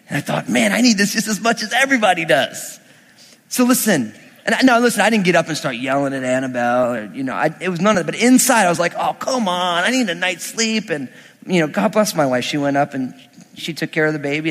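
A man's voice: fairly high pitch, a bit bright. A young adult man, a pastor, preaching a sermon in a conversational, emphatic way with casual asides. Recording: long reverb of a hall.

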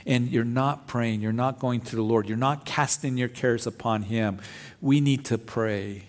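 A man's voice: medium pitch, fairly even intonation, unhurried. A man, a pastor preaching a sermon with scripture readings in an earnest, plain-spoken way.

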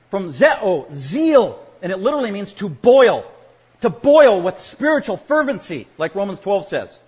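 A male pastor preaching a sermon, swinging from quiet asides to loud emphatic points. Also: high-pitched, husky, long reverb tail, dull audio.

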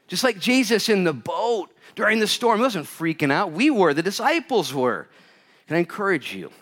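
A man preaching a sermon as pastor to a live audience, swinging between loud urgent bursts and hushed quiet lines. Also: high voice, big pitch swings, moderate pace.

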